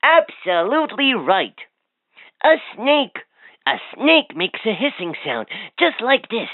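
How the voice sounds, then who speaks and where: A cheerful talking toy bounces through wildly swooping sing-song quizzes and playful teasing. Her delivery is slow and deliberate, heard through a tinny, dry little toy speaker. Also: on the high side, sing-song, no room sound. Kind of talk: toy voice lines.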